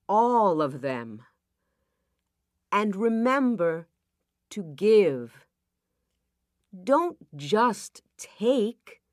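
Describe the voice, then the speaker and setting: A woman's voice: mid-range voice, dry recording, clean studio sound, voice pushed up. A woman voicing a brave village woman who firmly and emphatically refuses to give up the trees.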